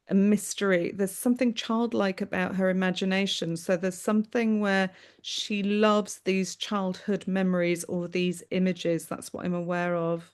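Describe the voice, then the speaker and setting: A woman medium on a video call, giving a live reading in a gentle, affectionate way. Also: medium pitch. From United Kingdom. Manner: gentle, affectionate, often says "my darling" and "that's what I'm aware of".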